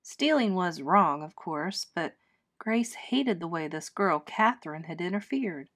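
A woman teacher reading a children's chapter book aloud with clear, expressive storytelling. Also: fairly low pitch, a little slow.

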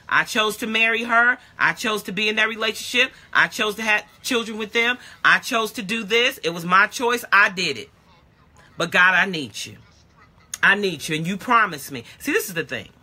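A middle-aged woman preacher leading a live prayer and teaching stream, passionate and conversational, preaching in repeated refrains and shouting her points. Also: medium pitch. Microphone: phone or webcam livestream.

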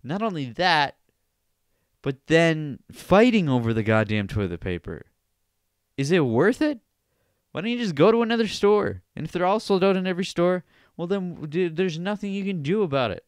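A man's voice: high voice, sing-song, moderate pace, clear, resonant tone, no echo, clean studio sound. A young man hosting a solo podcast, ranting casually with plenty of swearing and sarcasm. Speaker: podcast host.

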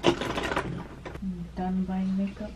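A woman's voice: medium pitch, completely flat delivery, very slow, very noisy. A young woman chatting casually with a friend, giggly and teasing. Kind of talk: casual chat.

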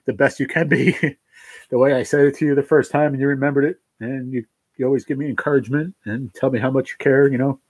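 A man hosting a livestream, crying and thanking his viewers in a heartfelt, halting way. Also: medium pitch, fairly even intonation, darkish tone, no echo. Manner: tearful, heartfelt, halting with restarts. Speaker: livestream host reading chat. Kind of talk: emotional livestream chat.

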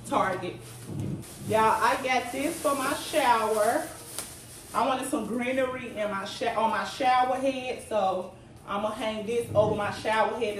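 A woman, chatting casually to viewers as she shows off home decor finds, recorded at home. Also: medium pitch. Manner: chatty, addresses viewers as y'all. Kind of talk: casual haul vlog. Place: home, indoors. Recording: echoey room, mic at a distance, noisy.

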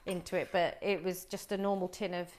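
A woman's voice: on the low side, level tone, fairly quick, darkish tone, slight background noise. A middle-aged woman from Wolverhampton, England, hosting a live cooking show and chatting to viewers as she explains each step.

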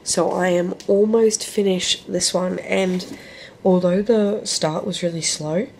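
A woman's voice: on the low side, steady tone, slow pace, creaky, darkish tone. A woman with an Australian accent, chatting candidly in a casual book vlog while sick with a cold, repeating words for emphasis. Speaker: book vlogger. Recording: echoey room with faint background noise.

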